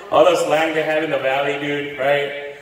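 A man's voice: a little high, fairly bright tone. Guy doing standup, cussing and switching into spanish, crowd laughing in a big echoey room. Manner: brash, profane, mixes Spanish slang into English. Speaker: stand-up comedian. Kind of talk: stand-up comedy set. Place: comedy club stage with a laughing crowd. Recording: far, echoey live hall with crowd.

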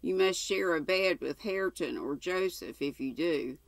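A woman's voice: lowish voice, normal speed, no echo, lightly acted. Stern, cold landlord voiced by a woman reader, curt and unwelcoming. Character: stern, harsh middle-aged male landlord.

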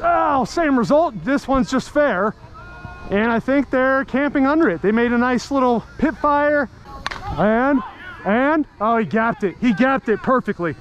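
Man, high voice, jokey play-by-play, outdoor softball field. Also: measured pace, lo-fi sound, slight background noise. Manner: excitable, jokey, shouts at big plays. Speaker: vlogger commentating a softball game. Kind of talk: excited play-by-play commentary.

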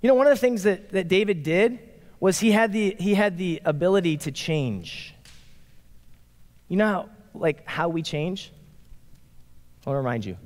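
Pastor, forties, male, bright and high; chatty, animated sermon delivery in a church sanctuary. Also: moderate pace, pauses often. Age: 40s. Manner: animated, playful, acts out quotes. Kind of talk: casual conversational sermon. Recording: long reverb of a large hall.

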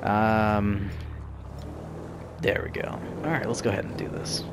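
A man's voice: on the low side, fairly even intonation, unhurried, noisy background. A young man hosting a gaming channel, giving playful, self-mocking commentary over his gameplay. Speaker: gaming YouTuber.

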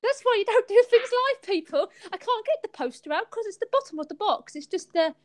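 A woman hosting a casual live stream from home, chatty and giggly and quick to poke fun at herself. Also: very high-pitched, lively intonation, no echo. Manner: chatty, giggly, self-mocking. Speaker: host.

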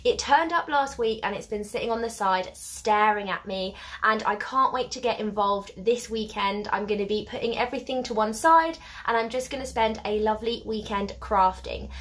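A young woman chatting through a craft unboxing vlog, a little stuffy and hoarse from a cold, effusive and quick to apologise. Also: fairly high pitch. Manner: warm, effusive, apologetic asides. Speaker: craft vlogger.

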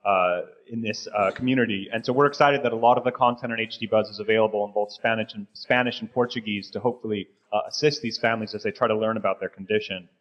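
A man co-hosting a live conference roundup, talking quickly with many fillers. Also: on the low side, steady tone, muffled recording. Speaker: co-host.

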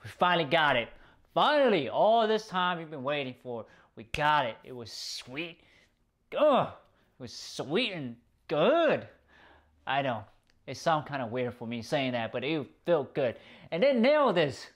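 A man giving a casual, excitable episode review, swearing often and rambling through restarts. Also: fairly high pitch, moderate pace. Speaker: video reviewer.

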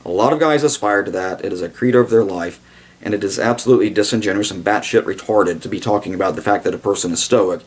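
A man's voice: lowish voice, quick pace, husky. A man giving a blunt, digressive video commentary, with sarcastic asides and sudden mock voices for the people he quotes. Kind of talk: casual commentary monologue.

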